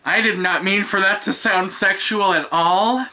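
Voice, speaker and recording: Excitable young woman with a bright voice. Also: medium pitch, measured pace. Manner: excitable, squealing and laughing, swears casually. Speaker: YouTuber opening a gift. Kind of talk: casual unboxing vlog. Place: her own room at home. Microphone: camera on a stand in front of her.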